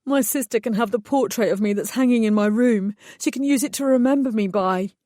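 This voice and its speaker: A woman's voice: brisk, warm tone, dry recording, clean studio sound, natural voice. A woman voicing a vain, panicky young male fairy who wails melodramatically. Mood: mournful. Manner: shrill melodramatic wailing.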